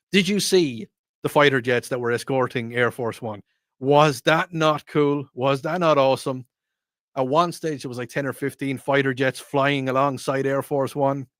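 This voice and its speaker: An Irish man hosts a talk radio show, rambling and cracking jokes through a loose, digressive monologue into a studio mic. His voice is mid-range with a fairly bright tone, and the recording is dry.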